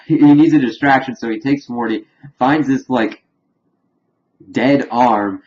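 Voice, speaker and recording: A man casually recapping a cartoon episode in a rambling way, full of fillers and quick acted quotes. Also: mid-range voice, a little mellow. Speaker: reviewer. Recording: dull lo-fi home recording with faint hiss.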